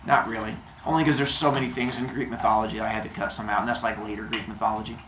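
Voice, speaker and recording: A man's voice: lowish voice, flat delivery, racing, noisy background. A male teacher telling a myth to his class in a casual, jokey way, full of modern slang. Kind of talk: storytelling lesson to a class. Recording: echoey classroom.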